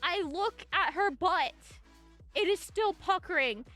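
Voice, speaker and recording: A woman streamer telling a long story to her chat in an excitable way, breaking into shrieks and laughter. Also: very high-pitched, takes it slowly, faint music behind.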